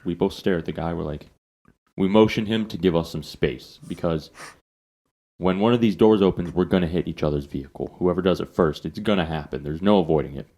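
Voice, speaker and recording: Podcast host, man, very low voice, casual profane storyteller. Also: fairly quick, a little mellow.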